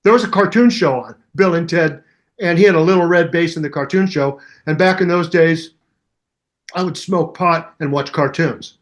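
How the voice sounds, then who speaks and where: An older man, a bass teacher, telling stories in a casual interview and scatting bass lines aloud to show exercises. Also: normal speed. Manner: animated storyteller who scats bass lines aloud. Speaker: bass teacher and musician guest.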